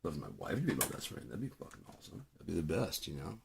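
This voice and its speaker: A man's voice: deep voice, sing-song, quick pace, gravelly, noisy background. A man talking casually while streaming, rambling and swearing with many fillers. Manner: rambling, profane, lots of fillers. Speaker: music producer streaming. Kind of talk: casual chat.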